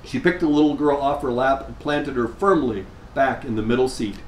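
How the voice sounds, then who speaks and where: A male priest tells a story as part of his sermon, unhurried with measured pauses, at a middle pitch. His voice rings in an echoey room with faint noise underneath.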